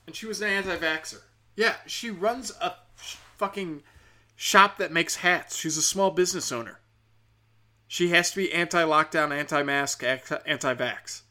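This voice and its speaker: A man's voice: on the high side, moderate pace, sharp tone. A man hosting a podcast, talking in a rambling, profane, sardonic comic monologue. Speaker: podcast host.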